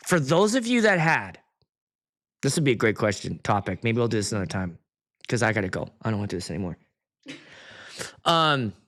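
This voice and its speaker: A man hosting a casual livestream as a DJ, telling stories and acting out quotes from guests with plenty of swearing. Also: mid-range voice. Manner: animated storyteller who acts out quotes with swearing. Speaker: DJ and livestream host.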